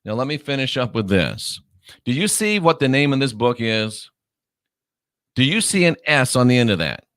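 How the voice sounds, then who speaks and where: A man hosting his own online show, delivering a scornful, lecturing monologue and stretching key words out slowly for emphasis. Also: mid-range voice, big pitch swings, a bit bright, dry recording, clean studio sound.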